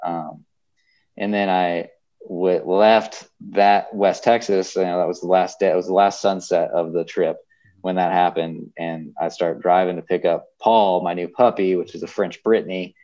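A man's voice: sits low, fairly even intonation, normal speed, dark tone, highs cut off. A young man chatting casually as a podcast guest, rambling and emotional, full of fillers and restarts. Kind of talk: casual chat.

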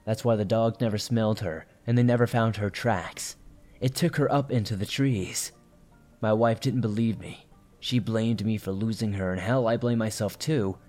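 A man voicing a gruff, grieving middle-aged hunter who speaks curtly through clenched teeth. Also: lowish voice, darkish tone, close to an everyday voice. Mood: grim.

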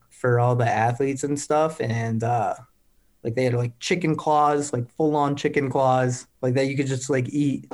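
A man's voice: medium pitch, a little mellow. A young male athlete talks casually as an interview guest. He rambles along cheerfully and scatters "like" through nearly every sentence. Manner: rambling, heavy on "like" fillers, upbeat.

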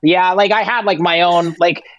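A man's voice: high voice, moderate pace, no room sound, highs cut off. A man, a tour manager guest, telling stories casually with lots of filler and swearing, acting out both sides of the conversations. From Persian heritage. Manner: animated, swears freely, heavy "like" filler, acts out dialogue. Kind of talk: casual storytelling interview.

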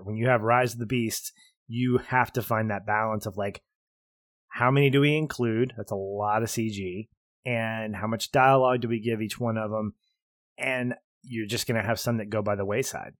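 A man co-hosting a podcast, chatting casually about a movie, animated and laughing often as he acts out lines. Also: mid-range voice, dry recording, clean studio sound. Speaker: podcast co-host. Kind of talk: casual movie review chat.

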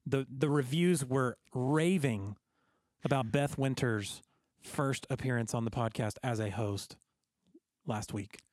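A man's voice: mid-range voice, slow pace, a little mellow, no echo, clean studio sound. A man hosting a podcast in casual chat, joking and often repeating words as he starts sentences. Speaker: podcast host.

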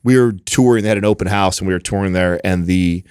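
A man's voice: low voice, fast, a little mellow, clear, resonant tone, dry recording, studio quality. A man in his thirties in casual chat, telling a story and laughing often.

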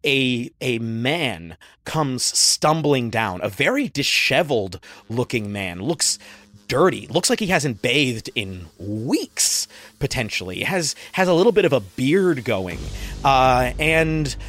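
Lively game master narrating. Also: male voice, mid-range voice, slow, no room sound. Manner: descriptive, casual, with fillers.

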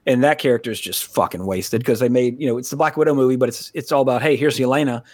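A man's voice: medium pitch, quick pace, no room sound, clean studio sound. An American man co-hosting a podcast in a casual, rambling, profane way, laughing often. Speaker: podcast co-host.

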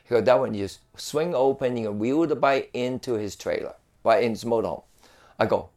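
Man, gravelly, casual storyteller, restarts a lot. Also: mid-range voice, expressive, a little fast, a little mellow. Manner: rambling storyteller, many fillers and restarts. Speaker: guest telling a story. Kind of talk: casual chat.

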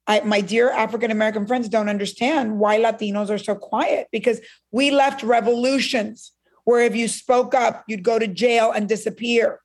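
Animated woman storyteller, fairly high voice. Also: normal speed. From Cuba. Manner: animated, acts out quoted voices. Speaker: guest. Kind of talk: storytelling in a conversation.

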